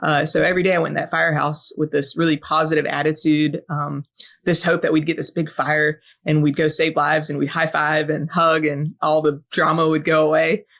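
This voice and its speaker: A woman's voice: low-pitched, flat delivery, a little fast, fairly bright tone. A woman guest on a podcast, a fire battalion chief, telling a personal story in an earnest, reflective way with lots of ums and uhs. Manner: earnest, reflective, frequent filler sounds.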